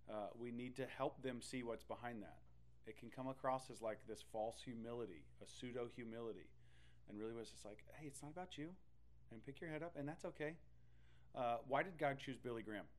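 A man preaching a sermon in an animated, conversational way, with loud bursts and playful asides. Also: medium pitch. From Texas. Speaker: pastor.

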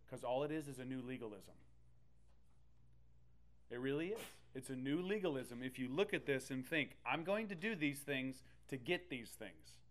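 A man preaching a sermon in an animated, conversational way, with loud bursts and playful asides. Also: mid-range voice. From Texas. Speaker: pastor.

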